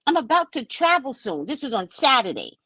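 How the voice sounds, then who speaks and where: A woman's voice: sits high, big pitch swings, a little fast, bright, forceful tone, breathy edge, dry recording. A woman psychic reader telling a story on a casual live stream, brash, profane and mocking.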